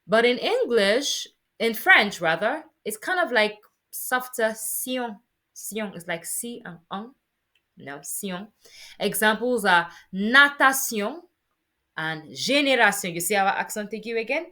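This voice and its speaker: A woman teaching French sounds in a patient, encouraging lesson, modelling each sound slowly. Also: on the high side, expressive, sharp tone. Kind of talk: spoken lesson on pronunciation.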